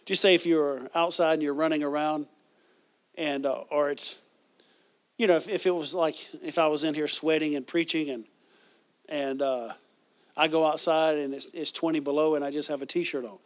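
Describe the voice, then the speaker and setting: High-voiced man preaching a sermon. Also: steady tone, moderate pace. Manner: preaching with frequent restarts and audience questions. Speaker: pastor.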